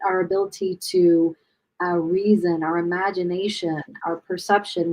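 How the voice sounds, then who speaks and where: A woman host talks in a relaxed, earnest way, laying out her beliefs point by point. Her voice sits at an ordinary middle pitch for a woman. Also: poor audio. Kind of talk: casual chat.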